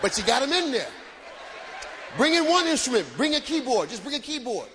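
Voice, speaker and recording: A man performing live stand-up comedy, loud and animated, shouting punchlines to the crowd from a stage. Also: very high voice, fairly quick, noisy background. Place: stage before a live audience.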